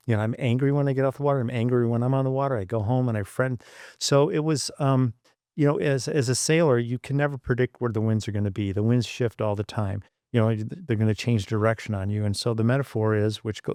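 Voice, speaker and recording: Recorded dry in studio quality, this medium-pitched middle-aged man from Michigan, once an engineer, is a guest on a podcast. Through the interview he tells stories with animation, voicing the people he quotes.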